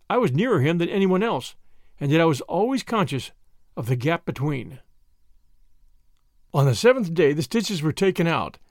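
Man narrating a classic story, slightly high voice, dry close recording. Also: dry recording. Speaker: audiobook narrator. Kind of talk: first-person storybook narration.

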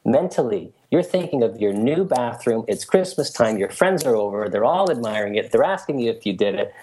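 A man's voice: medium pitch, normal speed. A man in casual conversation, explaining an idea through a long story and acting out the voices in it. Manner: animated storytelling, acts out quoted voices.

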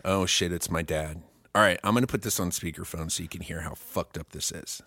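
A man co-hosting a comedy podcast, telling crude, profane stories with animated delivery. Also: sits low, fairly quick, dry recording. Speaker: podcast co-host. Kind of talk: casual comedic chat.

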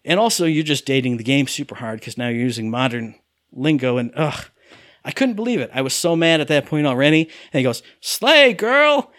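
A man's voice: medium pitch, animated, fairly quick, dry recording, studio quality. A man co-hosting a casual chat, ranting about a game and mimicking characters' lines in exaggerated voices. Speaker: podcast co-host reviewing a game.

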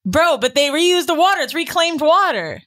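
Lively high-voiced woman, blunt and profane. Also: moderate pace. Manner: blunt, profane, laughing storyteller. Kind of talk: casual chat.

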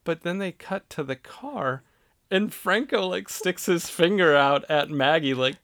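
A woman's voice: on the low side, expressive, unhurried, fairly bright tone, dry recording, studio quality. A woman co-hosting a casual podcast, who retells movie scenes in a laid-back, agreeable way. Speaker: podcast co-host. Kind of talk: casual movie-review chat.

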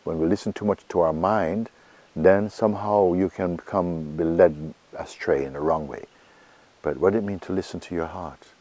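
Deep, dark-voiced man giving a spiritual talk. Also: normal speed, no echo. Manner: asks questions and answers them himself, repeats phrases softly. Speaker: spiritual teacher.

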